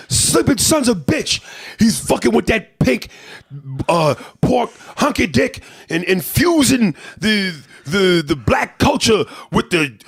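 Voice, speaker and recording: A man putting on a furious male street preacher who shouts out hammering insults. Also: very high-pitched, gravelly, husky, voice pushed up, full character voice.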